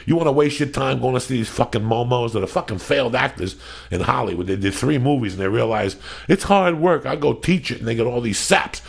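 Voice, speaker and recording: A middle-aged podcast host with a gravelly, mid-range voice rants fast, swearing heavily as he tells stories and acts out movie lines.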